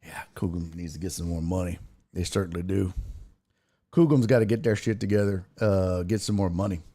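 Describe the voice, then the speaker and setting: A man hosting a casual live-streamed sports talk show from Texas, reading viewer comments aloud and teasing rival fans in a loose, animated way. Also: low-pitched, a little fast.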